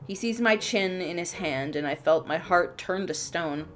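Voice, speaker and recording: A woman hosting a let's play, reading a visual novel's narration aloud in an expressive storytelling manner. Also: fairly low pitch, moderate pace, faint music behind.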